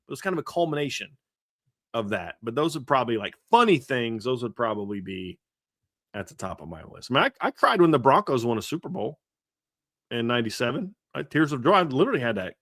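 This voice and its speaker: A man in his thirties hosting a sports podcast, rambling through stories with plenty of fillers and false starts. His voice sits at an ordinary middle pitch, recorded close and dry with no room sound. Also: no room sound. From grew up a Reds fan in the American Midwest. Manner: animated storyteller, frequent restarts and fillers. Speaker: podcast host. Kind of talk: casual sports podcast chat.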